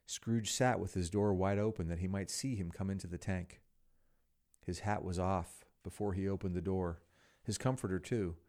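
A man narrating a classic story as a podcast host, expressive with wry asides. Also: sits low, moderate pace.

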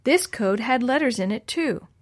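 A woman's voice: fairly high pitch, animated, normal speed, voice pushed up. A woman voicing an earnest, thoughtful boy who speaks carefully.

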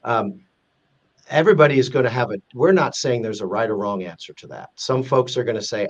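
A man's voice: medium pitch, brisk. Man, interview guest, earnest explainer, restarts often, muffled lo-fi sound. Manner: earnest, explanatory, with frequent restarts and acted-out example quotes. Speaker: guest explaining a corporate risk rating database. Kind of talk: casual interview talk.

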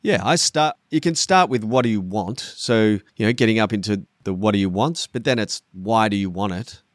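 A man's voice: lowish voice, normal speed, no room sound, clean studio sound. A middle-aged man on a podcast, speaking bluntly and emphatically, swearing often and acting out quoted voices. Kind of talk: podcast conversation.

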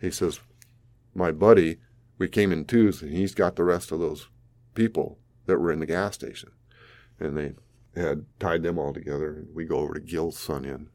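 A man's voice: extremely low pitch, steady tone, normal speed, darkish tone, no room sound, clean studio sound. A man in his sixties from South Dakota, telling a vivid personal story with an occasional chuckle. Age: 60s. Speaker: flood survivor interviewee.

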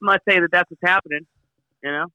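A man's voice: sits high, steady tone, fast talker, pushed and bright, low-quality recording. A man co-hosting a podcast, joking in laid-back talk with frequent restarts. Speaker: podcast co-host. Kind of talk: casual podcast chat.

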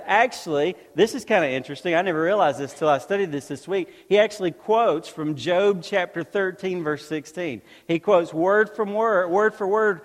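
High-voiced pastor preaching in a reverberant hall. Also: male voice, moderate pace, hardly any pauses. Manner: conversational preaching with rhetorical questions to the congregation. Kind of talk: sermon.

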